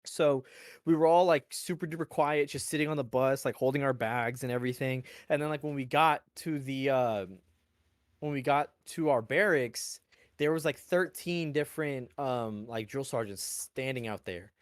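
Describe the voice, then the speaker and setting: A man's voice: medium pitch, moderate pace, no echo, studio quality. A man, an army veteran, telling service stories in casual podcast chat, rambling and profane, full of "like" and "you know.". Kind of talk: casual conversational storytelling.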